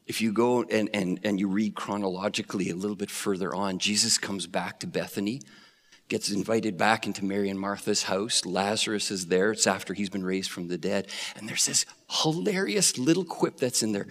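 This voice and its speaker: A male preacher telling a Bible story with animated flair, acting out the voices. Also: lowish voice, normal speed. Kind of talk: sermon. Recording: long reverb of a hall.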